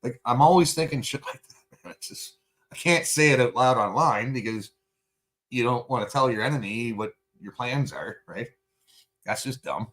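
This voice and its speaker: A man's voice: medium pitch, lively intonation, moderate pace, a bit bright. A Canadian man talking casually and heatedly on a livestream, rambling with lots of swearing and fillers while answering chat. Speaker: livestream host.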